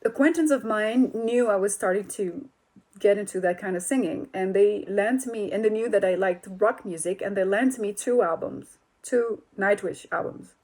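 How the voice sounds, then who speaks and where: A woman's voice: medium pitch, normal speed, a little mellow. A woman singer as an interview guest, chatting casually and telling stories animatedly, with many restarts and laughs. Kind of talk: casual video-call interview.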